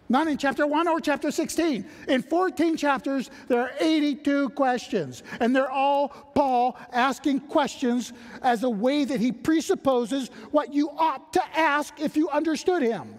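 A man preaching a sermon, emphatic, asking rhetorical questions and answering them. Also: extremely high pitch. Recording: reverberant hall.

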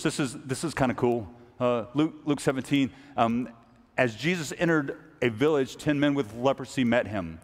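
Casual, halting pastor in a reverberant hall. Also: male voice, medium pitch. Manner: casual, halting, with many restarts and acted-out asides. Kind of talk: conversational sermon. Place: church service.

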